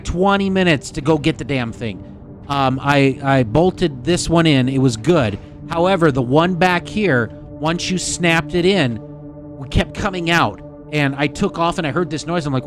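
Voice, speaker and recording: A man streaming live gameplay, chatting excitedly and casually swearing as he talks to his viewers. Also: fairly high pitch. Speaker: game streamer. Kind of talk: live gameplay commentary to chat.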